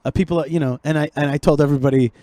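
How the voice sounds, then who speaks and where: Guy hosting a talk show, kinda high pitched, jokey and animated, dry mic. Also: very fast, no echo. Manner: animated, repeats words, jokey. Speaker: show host. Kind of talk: casual podcast conversation.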